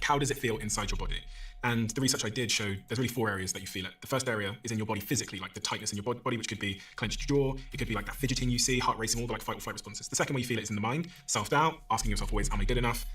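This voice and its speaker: A man hosting an interview podcast talks very fast, breaking ideas down analytically. His voice sits at a middle pitch. It comes across a little distant from the mic. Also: fairly bright tone. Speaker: podcast host. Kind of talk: interview and sponsor read.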